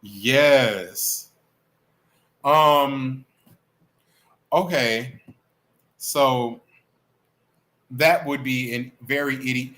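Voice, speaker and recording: A man hosting a livestream, chatting in a sassy, animated, playful way about celebrity gossip. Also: mid-range voice, very slow, long pauses. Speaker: livestream host. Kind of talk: casual celebrity gossip chat.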